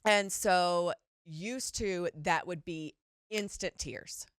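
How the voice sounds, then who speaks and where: A middle-aged woman co-hosting a podcast, talking in a candid, rambling, animated way and swearing casually. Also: lowish voice, slow, clean tone. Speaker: podcast co-host. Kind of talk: casual chat.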